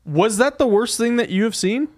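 A male podcast co-host with a notably high, very animated voice. He jokes around and keeps the interview moving with follow-up questions. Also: normal speed. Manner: jokey, asks follow-up questions. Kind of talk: casual podcast chat.

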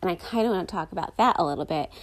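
Expressive and racing, this young woman's lowish voice drives a solo podcast. She hosts alone, rambling chattily and filling her talk with fillers.

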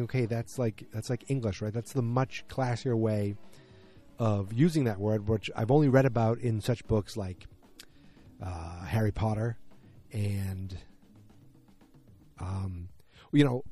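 A man's voice: mid-range voice, warm tone. A man hosting a podcast in casual chat, rambling and poking fun at himself, breaking off to add asides while he reads a listener's message aloud. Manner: rambling and self-deprecating, with frequent asides. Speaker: podcast host.

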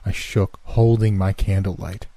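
A man with a low, husky voice narrates a horror story in a measured, hushed way. His tone is dark and mellow, recorded dry and close, with no room sound around it. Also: level tone, no echo.

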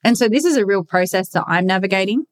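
A woman's voice: medium pitch, expressive, fast talker. A woman hosting a candid solo podcast, speaking earnestly and emphatically, repeating her key phrases and swearing casually. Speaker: podcast host.

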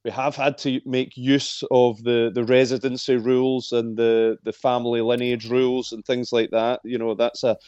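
A Scottish man joins a radio chat as a guest, his words measured and dotted with filler sounds. His voice sits at an ordinary pitch and comes over a muffled, lo-fi line. The sound is dry, with no room around it. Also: level tone, a little mellow, clear, resonant tone, no echo. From Scotland. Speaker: guest journalist and presenter. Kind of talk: radio interview.

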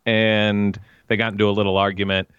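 A man co-hosting a podcast in casual chat, animated and playful. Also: lowish voice, a little fast, clear, resonant tone, no room sound, muffled recording. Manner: animated, slips into jokey voices. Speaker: podcast co-host.

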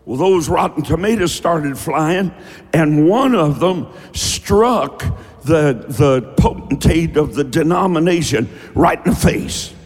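A man preaching a sermon, emphatic and folksy, often breaking into shouts. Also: on the high side, expressive, slow pace, in a large hall. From rural American South. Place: church.

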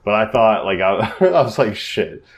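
A man co-hosting a podcast in casual chat, congested and animated, swearing often. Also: lowish voice, normal speed. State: congested from covid. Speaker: podcast co-host.

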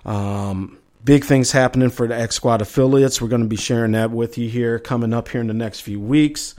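A middle-aged man hosting a casual sports talk show, chatty and slangy, with plenty of exclamations. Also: mid-range voice. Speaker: sports podcast host.

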